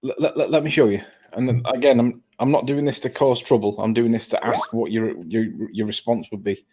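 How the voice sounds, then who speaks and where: A man's voice: mid-range voice, fairly even intonation, a little fast, dark tone, slightly rough. A man on a video call, arguing a point insistently in a casual debate and stumbling over his words. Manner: stammering, insistent. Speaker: caller on a live stream.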